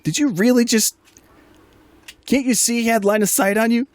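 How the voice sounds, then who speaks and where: A man voicing a frustrated woman gamer who shouts at her teammate during a tabletop role-play. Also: very high-pitched, moderate pace, voice pushed up. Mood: exasperated. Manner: exasperated shouting.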